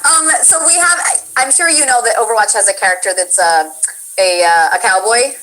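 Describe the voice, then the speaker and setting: Woman host, bright and higher-pitched, enthusiastic, gushes at answers. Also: a little fast, poor audio. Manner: enthusiastic, gushing reactions. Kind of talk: casual interview chat.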